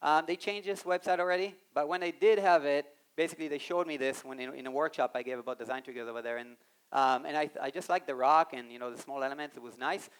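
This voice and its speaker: Animated man giving a conference talk. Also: fairly high pitch, fast, clear, resonant tone. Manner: animated, addresses the audience directly; acts out quoted voices in his talk. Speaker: conference speaker. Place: conference stage before a live audience.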